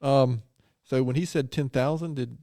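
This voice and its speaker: A man's voice: mid-range voice, moderate pace, warm tone. A man hosting a podcast, interviewing his guests in a conversational, curious way. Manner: conversational, curious, asks follow-ups. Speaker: podcast host.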